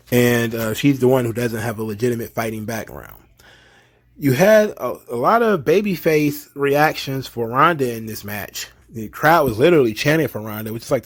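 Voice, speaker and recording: Chatty man recapping wrestling. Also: medium pitch. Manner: chatty, opinionated, slips into animated impressions of fans. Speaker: wrestling show reviewer. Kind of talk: casual recap commentary.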